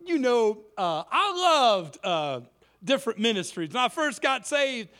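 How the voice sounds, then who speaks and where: A man preaching in a church, with an unusually high, bright voice. His pitch swings all over as he tells stories and slips into the voices of the people in them. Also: measured pace, clean tone. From Cleveland inner city. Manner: lively storytelling, acts out quoted voices. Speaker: guest preacher. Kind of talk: sermon.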